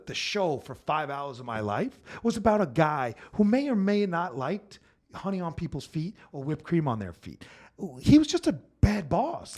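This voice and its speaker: Animated man hosting a swearing comedy podcast. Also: on the high side. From Brooklyn, New York. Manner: animated, swears freely, frequent restarts. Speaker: podcast host. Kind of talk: casual comedic chat.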